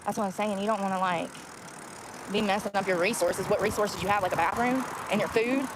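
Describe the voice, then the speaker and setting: In a medium-pitched voice and at a brisk clip, a young woman vents crudely at her viewers. She's recording outside next to a road, and traffic noise comes through clearly.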